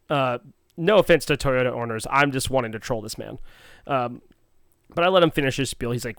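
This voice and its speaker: A man co-hosts a podcast and spins a playful, animated story. His voice is smooth and clean. The sound is dry, with no room around it. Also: mid-range voice, dry recording. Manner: animated, playful, quotes others in quick bursts. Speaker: podcast co-host. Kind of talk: casual storytelling chat.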